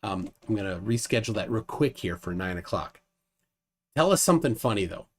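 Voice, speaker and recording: Guy hosting a live stream, rambly and halting, voice jumps all over in pitch. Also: lively intonation. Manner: rambling, halting with restarts and fillers. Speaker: livestream host. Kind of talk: casual live debate stream.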